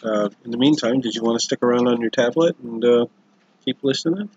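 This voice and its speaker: A man's voice: mid-range voice, fairly quick, a little mellow, husky, no room sound, muffled recording. A man casually telling an improvised story on a livestream, rambling and self-correcting, with chatty asides to viewers.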